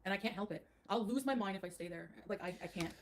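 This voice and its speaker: A woman's voice: mid-range voice, fast talker, a little hiss or hum. A woman from Canada telling a personal story on a livestream, rambling and emotional, full of "like".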